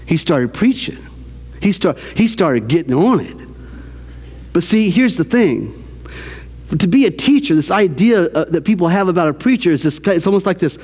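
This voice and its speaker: Male pastor, raised in the American South, with a high-pitched voice, delivering an animated sermon in a church that has a long reverb. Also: fairly quick. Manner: animated preaching with repeated phrases and restarts. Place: church sanctuary.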